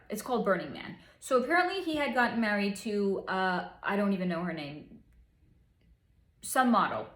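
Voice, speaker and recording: A woman's voice: medium pitch, reverberant. A woman hosting her own psychic channel, relaying energy readings in a casual vlog with snarky, chatty asides.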